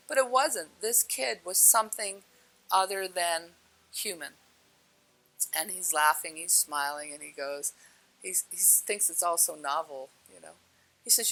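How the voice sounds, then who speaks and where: A woman speaker telling a personal spiritual story to an audience, animated, with frequent laughs and fillers. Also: medium pitch, moderate pace, gravelly, low-quality recording.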